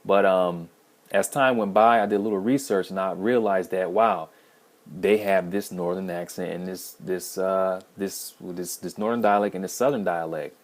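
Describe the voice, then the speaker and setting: Man, lowish voice, casual monologue, rambling, lots of restarts and fillers. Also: normal speed. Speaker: language-learning video host.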